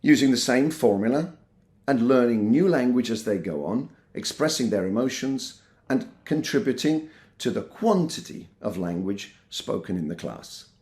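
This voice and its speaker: A middle-aged teacher trainer speaks at a moderate pace in a mid-range voice, instructing an audience of teachers. He acts out classroom phrases in animated voices.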